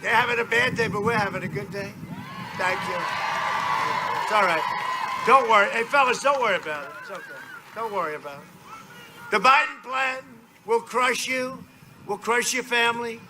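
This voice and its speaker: A man's voice: extremely high pitch, moderate pace. A man speaking at an outdoor political rally, rambling, boastful and repetitive. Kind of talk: campaign rally speech. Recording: noisy outdoor rally recording.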